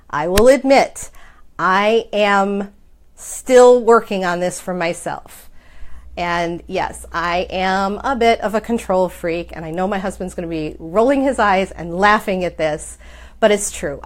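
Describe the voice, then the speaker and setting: A middle-aged woman, a small business owner, giving chatty, self-deprecating advice in a casual vlog, often asking rhetorical questions. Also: mid-range voice.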